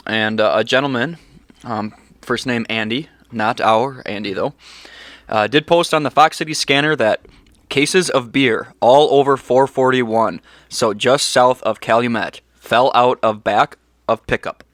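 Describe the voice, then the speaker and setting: An easygoing man chatting on a podcast, his voice mid-pitched. The sound is dry and close, with no room around it. He reads out posts in a plain way. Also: unhurried, a bit bright, no echo. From Wisconsin. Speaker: podcast co-host. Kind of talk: casual chat. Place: home basement.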